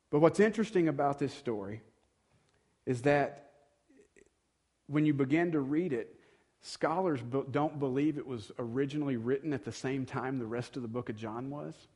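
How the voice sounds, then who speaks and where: A man's voice: medium pitch, normal speed, darkish tone. A male pastor giving a sermon in a conversational tone, acting out quoted dialogue and building to moments of emphasis.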